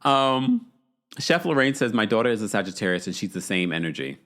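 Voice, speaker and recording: Guy hosting a live reality tv recap, low voice, reads chat comments out loud, laughs a lot, really animated. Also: brisk. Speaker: podcast host.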